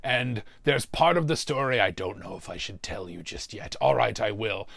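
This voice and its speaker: Going full character voice, a man with a lowish, animated and slightly bright delivery portrays a demonic torturer hosting a mystery show. He spins a wry, comic tale of suffering, gravelly and slow, clearly relishing it. There's no echo.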